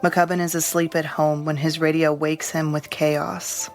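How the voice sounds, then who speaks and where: Female reporter for scripted news narration; low, flat, measured read over light music.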